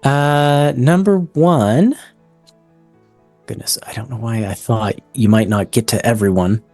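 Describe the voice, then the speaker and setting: A man's voice: fairly low pitch, normal speed, a little mellow, no echo, soft background music. A man narrating as game master of a tabletop game, describing scenes with many ums and likes.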